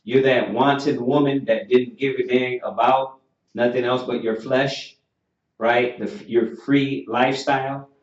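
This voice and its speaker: A man's voice: mid-range voice, fairly even intonation. Emphatic preaching man in an echoey room. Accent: Southern US. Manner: preachy and emphatic, rising to near shouting, drawn-out repeated questions. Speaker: teacher. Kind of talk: sermon-style class teaching. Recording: muffled, roomy, from far off the mic.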